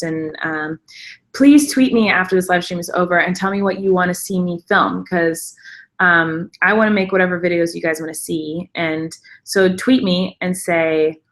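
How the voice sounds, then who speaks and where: A woman's voice: fairly low pitch, fairly bright tone. A woman hosting a casual live stream, talking at length in an enthusiastic, rambling way with many fillers.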